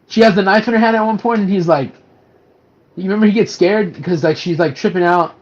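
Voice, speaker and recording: Guy on a movie podcast retelling scenes all animated, kinda high voice, muffled lo-fi audio. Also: fast talker. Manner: animated, retelling scenes with acted-out quotes and many fillers. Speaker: podcast co-host. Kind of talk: casual movie review chat.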